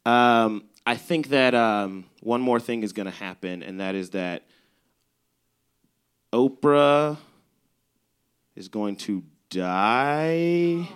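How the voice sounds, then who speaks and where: A young South Side Chicago man performs a comedic story at a bar's live show, cursing and acting out the lines he quotes. He speaks slowly with long pauses in a clear, resonant, medium-pitched voice.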